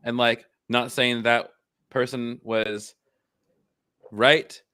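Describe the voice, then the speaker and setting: A man chatting as a co-host on a live stream, blunt and profane, dropping into low dramatic asides. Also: level tone, extremely slow, bright, forceful tone, smooth. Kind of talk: casual live-stream chat.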